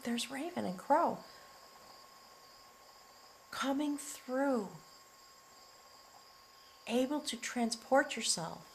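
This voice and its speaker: A middle-aged woman giving a spiritual tarot reading, earnest and emotional, slowly drawing out her words and sometimes dropping to a near whisper. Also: fairly high pitch, creaky, a little hiss or hum, rough recording. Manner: earnest and emotional, often choked up, breaking into soft laughs; slow, drawn-out delivery with soft near-whispered words. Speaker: tarot reader.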